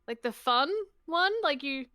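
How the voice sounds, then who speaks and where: A woman's voice: high voice, measured pace, bright, forceful tone, no room sound. An Australian woman rambling in casual chat as a stream guest, giggly and full of "like".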